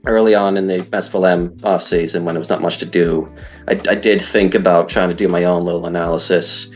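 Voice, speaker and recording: Chatty deep guest, rambling, self-deprecating, dull lo-fi audio with faint music. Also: male voice, fairly even intonation, fairly quick. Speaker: guest, league player. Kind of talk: casual online interview.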